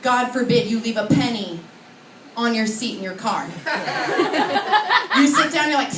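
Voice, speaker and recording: Young female stand-up, high voice, chatty storyteller, room noise around her. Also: moderate pace. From Oregon, USA. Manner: chatty, self-mocking, acts out voices. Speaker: stand-up comedian. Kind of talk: stand-up comedy set. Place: comedy club stage. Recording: echoey club, recorded from far off.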